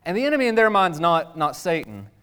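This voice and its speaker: Guy preaching like he's just talking with friends, voice jumps up a lot, kinda high. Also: fast talker, clean tone. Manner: casual, animated, sudden jumps in pitch. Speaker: pastor. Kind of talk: conversational sermon.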